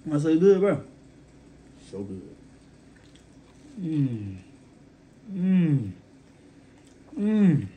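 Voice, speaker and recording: A man's voice: on the high side, big pitch swings, extremely slow, long pauses, warm tone. A young man hosting his own casual cooking vlog, laid-back and talking straight to his viewers while he tastes his food. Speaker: cooking vlogger.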